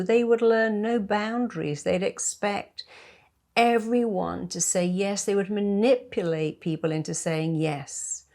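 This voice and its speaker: A woman's voice: low-pitched, darkish tone. A middle-aged woman therapist giving emphatic, encouraging advice in a talk to camera. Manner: emphatic, encouraging, acts out sample phone calls.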